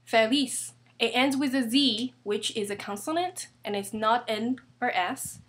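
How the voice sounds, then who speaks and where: A woman with a somewhat high voice hosts an online language lesson. She is patient and steady, repeating examples and spelling out each rule step by step. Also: a little slow. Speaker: Spanish teacher.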